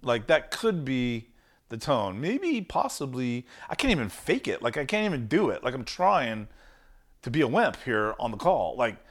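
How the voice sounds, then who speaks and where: Animated, emphatic male sales coach. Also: medium pitch, normal speed. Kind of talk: motivational teaching monologue.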